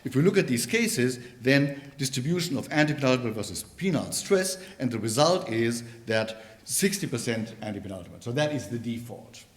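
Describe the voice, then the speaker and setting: A man giving an academic conference talk on linguistics in a university lecture room, pausing often and restarting his sentences. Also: medium pitch, animated. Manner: halting, with many fillers and restarts.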